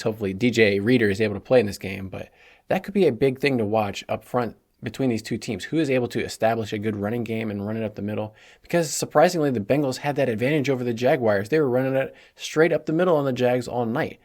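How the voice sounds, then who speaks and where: Chatty man hosting a sports podcast. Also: on the low side. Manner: casual, chatty, joking asides. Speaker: podcast host. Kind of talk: solo sports preview podcast.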